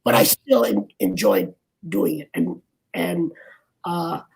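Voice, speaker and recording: Older man, gravelly and husky, halting interview chat, voice leaps up and down. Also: on the high side, big pitch swings, rough recording. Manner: rambling, halting, many restarts. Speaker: actor guest. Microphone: video call.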